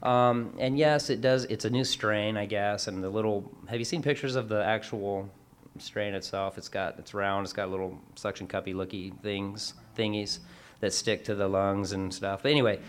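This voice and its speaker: A man's voice: lowish voice, steady tone, normal speed. A man chatting casually as a show's co-host, telling a long work story in a rambling way with self-corrections and acted-out quotes. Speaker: workplace class instructor. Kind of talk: casual chat.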